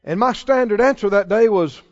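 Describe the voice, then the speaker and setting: High-voiced preacher man, lo-fi sound. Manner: drawn-out emphatic phrasing, chuckles often. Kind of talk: sermon. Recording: dull lo-fi sound.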